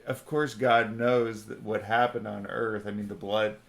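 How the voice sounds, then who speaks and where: Man, podcast co-host, unhurried, lowish voice, rambling, filler-heavy, casual chat. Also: fairly even intonation, gravelly, fairly bright tone. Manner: meandering, full of fillers, reads passages aloud. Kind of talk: casual chat about scripture.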